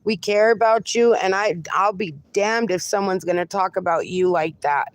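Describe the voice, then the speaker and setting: A woman's voice: medium pitch, steady tone, normal speed. A woman hosting a casual livestream from her fenced yard, cooing baby talk at her dogs between replies to viewers. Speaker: livestream host.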